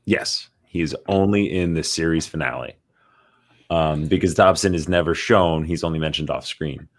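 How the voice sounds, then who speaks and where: A very deep-voiced man co-hosting a movie podcast. He rambles in a loose, casual way, reading news items aloud and padding his sentences with ums and likes. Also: moderate pace. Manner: rambling, reads out news articles with many fillers. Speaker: podcast co-host.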